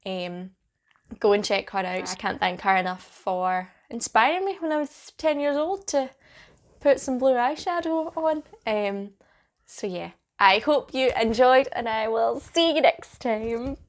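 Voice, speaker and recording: A woman's voice: a little high, animated, unhurried. Young woman, scottish accent, beauty vlog, casual to-camera chat, lots of ums. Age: young adult. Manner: chatty, with many ums. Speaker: beauty vlogger.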